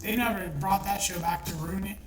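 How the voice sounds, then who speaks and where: A woman's voice: mid-range voice, steady tone, a little fast. Middle-aged woman ranting, echoey and distant. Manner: heated, swearing, repetitive. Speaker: online commentator. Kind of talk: angry profane rant. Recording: echoey room, distant from mic, faint noise.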